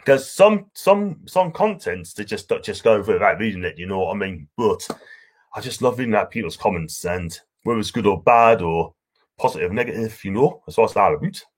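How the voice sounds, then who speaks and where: A man with a broad North East English accent chats loosely on a live stream, warmly reading out his viewers' comments. His voice sits a little low, and his talk drifts from one point to the next in a friendly, rambling flow. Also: brisk, breathy edge. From North East England. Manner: rambling, chatty, affectionate with viewers. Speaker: livestream host.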